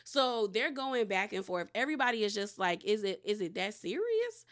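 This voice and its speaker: A woman's voice: medium pitch, very animated, moderate pace. A woman hosting a casual recap of a reality show episode, chatty and slangy, retelling scenes as she goes.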